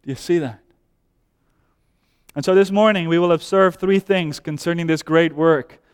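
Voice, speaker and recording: High, emphatic preacher man in a hall. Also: normal speed, smooth. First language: Dutch. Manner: emphatic, repeats phrases, drops to soft low voice then rises. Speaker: pastor. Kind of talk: sermon. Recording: long hall reverb.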